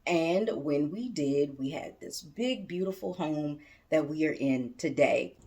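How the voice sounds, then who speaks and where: A woman's voice: sits low, lively intonation, unhurried, dark tone. A middle-aged woman from Maryland, chatting casually to her viewers as a vlogger and business coach, laughing often and tossing in folksy asides. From Maryland, suburbs of Washington DC. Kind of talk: casual talk to camera.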